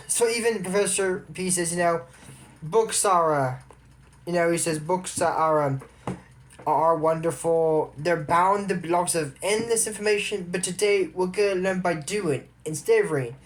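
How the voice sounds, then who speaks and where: A man's voice: high-pitched, a little slow, slight background noise. A man casually retelling a cartoon episode, rambling with asides and opinions. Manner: chatty, opinionated. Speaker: show recap commentator.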